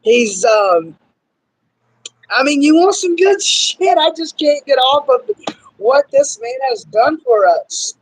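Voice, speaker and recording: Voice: high-pitched, animated, slow, rough recording. A young interviewer in their twenties, rambling eagerly as a fan of the guest in casual chat. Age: 20s.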